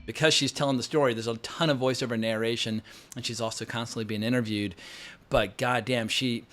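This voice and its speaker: A man giving a casual, opinionated film review, blunt and quick to swear. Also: medium pitch, fairly even intonation, a bit bright, a little hiss or hum. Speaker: film critic.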